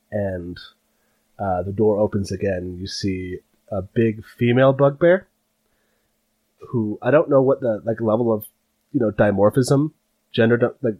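A man's voice: lowish voice, husky, dull audio. A man narrating a tabletop game as game master, rambling with lots of fillers. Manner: rambling, filler-heavy, animated.

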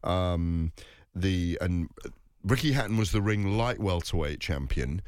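Low-voiced man telling boxing anecdotes. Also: animated, unhurried, dry recording, studio quality. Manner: rambling, anecdotal, many fillers and restarts. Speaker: boxing podcast host. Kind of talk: casual sports chat.

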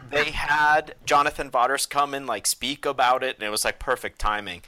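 A man's voice: medium pitch, level tone, normal speed, sharp tone. A man in casual podcast chat, telling stories with animation and acting out the dialogue he quotes.

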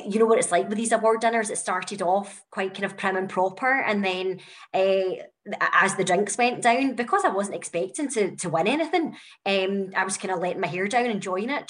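A young Scottish woman with a Glasgow accent tells her story to a podcast host. She talks in a chatty, rambling way, full of ums and likes, in a voice of middling pitch. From Scotland. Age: young adult. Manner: chatty storyteller, lots of fillers. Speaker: guest. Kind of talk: conversational podcast interview.

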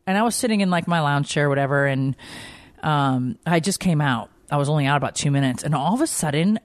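A woman's voice: low voice, fast talker, no echo. This is a woman co-hosting a casual talk show, spinning anecdotes and jumping into quoted voices. Her sound is dry and close, with no room around it. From Georgia, US. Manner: chatty storyteller, lively quoted voices. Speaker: podcast co-host. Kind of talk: casual chat.

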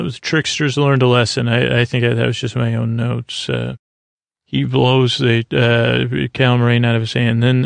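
A man hosting a podcast, casually recapping a TV episode in halting speech with many filler sounds. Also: medium pitch, creaky, no echo. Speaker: podcast host.

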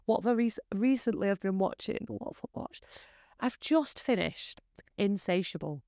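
A woman in her thirties talks on her own podcast, candid and rambling as she pokes fun at herself. Her voice has a gravelly fry yet stays smooth and clear. The sound is close and dry, with no room in it. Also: lowish voice, a little fast, a little mellow, no room sound. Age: 30s. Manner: candid, self-deprecating, rambling. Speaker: podcast host. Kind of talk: casual solo podcast chat.

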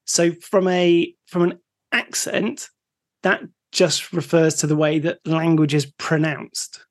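Easygoing West Country man, higher voice. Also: flat delivery, slow. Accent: West Country English. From West of England, near Bristol. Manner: easygoing, laughs often, explains topics. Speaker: podcast co-host. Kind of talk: casual podcast chat.

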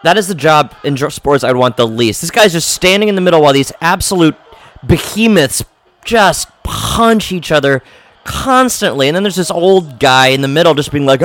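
A podcast host giving live, jokey reaction commentary while watching a film, often exclaiming and gasping. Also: male voice, fairly high pitch, lively intonation, normal speed, fairly bright tone. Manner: jokey asides.

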